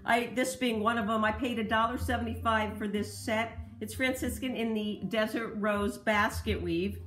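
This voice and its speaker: A woman's voice: on the high side, fairly even intonation, moderate pace, fairly bright tone, echoey room. A woman in a casual vlog, chatting about her thrift-store finds and explaining their history in detail. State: slight cough. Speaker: thrift reseller showing finds. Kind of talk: casual show-and-tell vlog.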